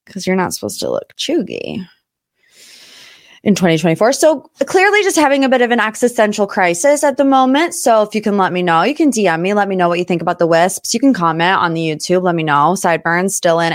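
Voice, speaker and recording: A young woman from Ohio hosts her podcast in a bubbly, rambling chat. Her voice sits at an ordinary pitch, and the recording is close and dry with no room echo. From Northeast Ohio. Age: young adult. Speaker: podcast host. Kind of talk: casual chat.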